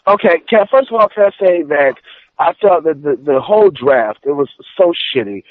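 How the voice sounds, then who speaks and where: A man's voice: on the high side, expressive, normal speed. A man giving rambling, filler-heavy opinions as a podcast panelist. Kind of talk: casual podcast chat. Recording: dry phone-like line.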